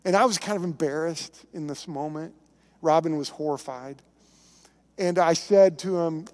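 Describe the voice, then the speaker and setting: Male pastor, high voice, casual storytelling sermon, long hall reverb. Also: moderate pace, darkish tone. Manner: conversational, emphatic preaching with storytelling.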